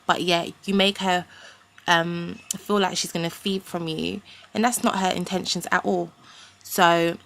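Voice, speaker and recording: Ranting young woman with a gravelly voice. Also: lowish voice, a little hiss or hum. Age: young adult. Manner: indignant, rambling, casual slang. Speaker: vlogger. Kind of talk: ranting to camera.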